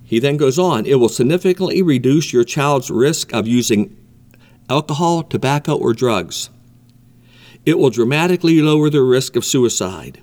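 A man's voice: medium pitch, animated, normal speed, darkish tone. A man preaching a sermon in an emphatic way, repeating his key points.

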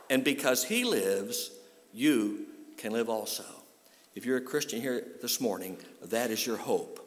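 A man's voice: medium pitch, expressive, a little slow. A male pastor delivering a sermon, telling a story and then rising to a fervent call-and-response with his congregation. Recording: long hall reverb.

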